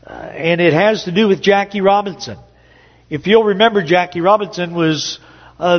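A man giving a sermon-style talk to a morning gathering, telling a story slowly with frequent "uh" pauses. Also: high-pitched. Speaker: speaker at a morning church gathering. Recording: dull lo-fi audio with long hall reverb.

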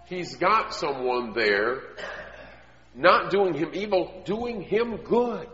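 A man preaching a sermon in an earnest way, often dropping to quiet emphasis. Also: fairly high pitch. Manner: earnest, drops to quiet emphasis, acts out quoted voices. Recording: echoey hall, dull lo-fi sound.

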